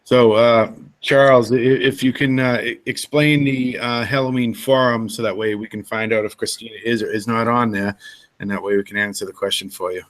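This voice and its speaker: A man from the northern US co-hosting a casual radio chat, full of excitable, laughing banter. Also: medium pitch, moderate pace. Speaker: co-host.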